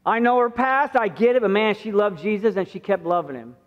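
Middle-aged male pastor, high-pitched, conversational sermon, muffled recording with long church reverb. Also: a little fast. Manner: conversational preaching, acting out quoted voices with rising pitch. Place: church sanctuary.

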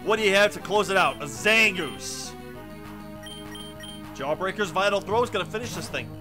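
Chatty hoarse man commenting on a game. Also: sits high, moderate pace, music in the background. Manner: chatty, excitable, addresses viewers. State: hoarse, coughing. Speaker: let's play host.

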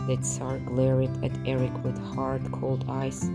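A woman narrating a bedtime story in a calm, measured way, with guitar music behind. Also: a bass voice, gravelly.

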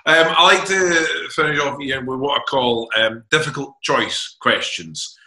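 A man's voice: medium pitch, measured pace, sharp tone. A man hosting an interview, asking chatty, friendly questions. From Scotland. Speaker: host. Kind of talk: casual interview chat. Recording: roomy echo.

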